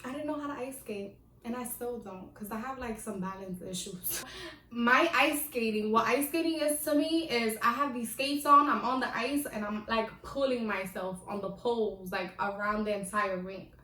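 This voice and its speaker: A woman's voice: fairly high pitch, moderate pace. Chatty young woman telling stories. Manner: animated, chatty, slangy, laughs at herself. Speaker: vlogger. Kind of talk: casual storytelling. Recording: echoey room, voice from a distance.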